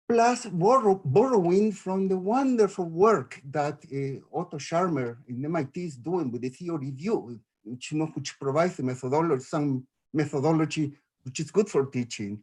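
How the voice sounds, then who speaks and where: A middle-aged man talking over a video call, sharing something in a halting, heartfelt way with many restarts. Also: a little high, darkish tone, slightly rough. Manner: halting, restarts often, grateful and moved. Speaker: audience member sharing in a Q&A. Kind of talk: emotional spontaneous sharing.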